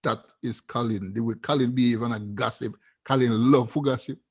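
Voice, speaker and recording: A man's voice: medium pitch, fairly even intonation, brisk, breathy edge. A man with a Vincentian accent hosting a casual chat, laid-back and teasing. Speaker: host.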